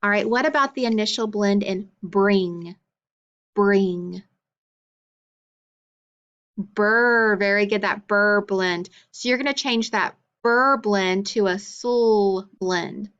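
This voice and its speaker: A woman's voice: medium pitch, measured pace, a bit bright, highs cut off. A woman teaching a phonics lesson, sounding out letter blends and praising each answer patiently. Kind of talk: slow phonics drill.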